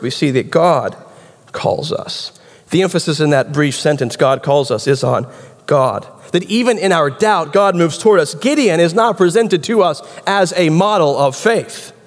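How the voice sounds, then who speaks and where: A man preaching a sermon in a conversational, wry, explanatory way. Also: on the high side. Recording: reverberant hall.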